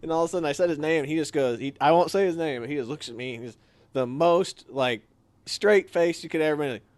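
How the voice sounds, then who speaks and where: A young man casually telling a story, animated and acting out what others said. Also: quick pace, no room sound. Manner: animated, acts out quotes with sudden higher shouts. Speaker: storyteller guest.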